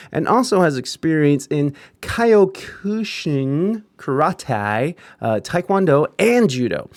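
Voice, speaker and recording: A young podcast host with a fairly high, slightly mellow voice reads the news in a relaxed, chatty way. Between lines he laughs, swears, and riffs, and the recording has no echo.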